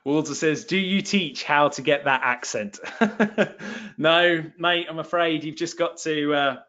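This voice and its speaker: A man's voice: a little high, a little slow, pushed and bright, highs cut off. A man with a southern English accent hosting a live webinar for his online course, chatty and self-deprecating, with lots of fillers. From England.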